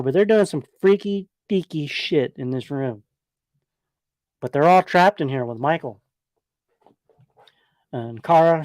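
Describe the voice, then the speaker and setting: Male podcast host, casual and profane, somewhat high voice, dry close mic. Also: darkish tone, no echo. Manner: casual, profane, rambling with fillers. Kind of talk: casual movie retrospective commentary.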